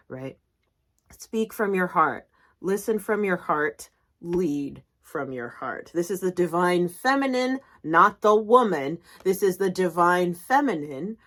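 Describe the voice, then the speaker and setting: Woman, slow delivery, lowish voice, spiritual coaching talk, emphatic, keeps asking "right?". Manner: animated, emphatic, punctuates with "right?". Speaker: executive coach and reiki teacher.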